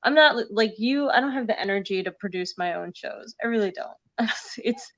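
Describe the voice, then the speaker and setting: A woman's voice: medium pitch, animated, brisk, lo-fi sound. A woman comedian chatting casually as a guest, talking with many fillers. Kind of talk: casual conversation.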